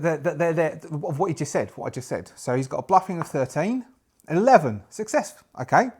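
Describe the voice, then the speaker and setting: A man talking through a solo tabletop game, thinking aloud and doubling back as he works out rolls. His voice sits slightly high for a man. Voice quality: thinks aloud while rolling dice, stop-start restarts. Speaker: solo game player and narrator. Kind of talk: casual solo actual-play narration.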